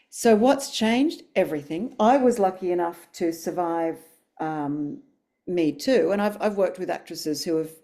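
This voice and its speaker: Effusive woman, warm and mellow. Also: on the low side. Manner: effusive, emphatic and passionate. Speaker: dialogue coach panelist. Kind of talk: webinar panel discussion. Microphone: video call.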